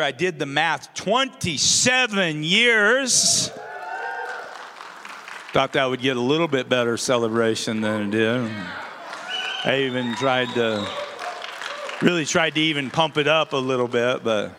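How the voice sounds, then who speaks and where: A man's voice: on the high side, pushed and bright. A man in his forties preaching a sermon, earnest and self-deprecating, with playful outbursts. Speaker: pastor. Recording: reverberant hall.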